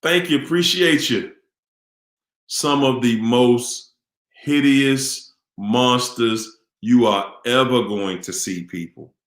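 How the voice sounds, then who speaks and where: A man's voice: mid-range voice, slow pace, roomy sound. A man hosting a live question-and-answer stream, talking casually and animatedly to viewers, repeating himself and asking the audience questions in a preachy way.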